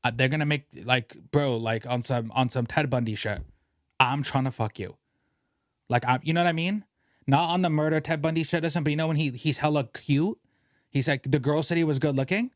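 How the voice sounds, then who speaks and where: A young man hosting a casual podcast, ranting in an animated way and swearing freely. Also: a little high, a little fast, no room sound, clean studio sound. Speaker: podcast host.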